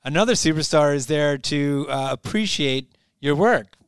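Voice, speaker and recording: A man's voice: a little high, lively intonation, moderate pace, clear, resonant tone, dry recording, clean studio sound. Man, podcast co-host, casual talk, hesitant fillers.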